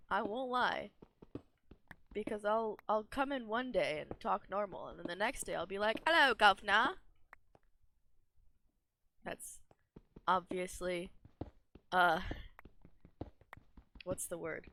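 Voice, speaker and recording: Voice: mid-range voice, creaky, a bit bright, slight background noise. A young adult streamer giving casual, rambling gameplay commentary, self-deprecating and often laughing. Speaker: gaming streamer.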